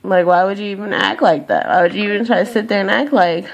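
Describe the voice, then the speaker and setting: A woman's voice: on the low side, expressive, quick pace, creaky, few pauses. A tired young woman venting in a profane, exasperated rant to camera. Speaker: vlogger.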